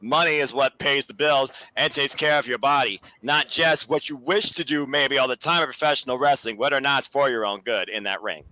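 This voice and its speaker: A man on a wrestling panel, chiming in quickly and casually with his own take and short agreements. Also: mid-range voice, sharp tone, no room sound, low-quality recording. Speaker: panelist on a wrestling talk show. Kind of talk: casual online chat.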